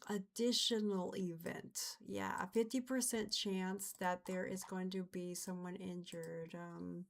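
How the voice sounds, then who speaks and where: A woman's voice: lowish voice, steady tone, slow, creaky, a little hiss or hum. A woman streamer with a light Southern American accent, chatting casually as she thinks aloud and trails off mid-sentence. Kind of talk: casual live-stream chat while working on a game map.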